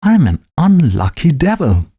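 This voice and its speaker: A man voicing an embarrassed young gentleman who speaks in a sulky, rueful way. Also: on the high side, huge pitch swings, a little slow, breathy edge, pitched above the performer's own voice, exaggerated voice.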